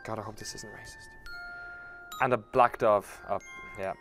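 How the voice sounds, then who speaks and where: A man's voice: lowish voice, fairly even intonation, normal speed, fairly bright tone, faint music behind. A man commentating casually while reading a dating game aloud, with wry asides and some swearing. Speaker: let's-play host.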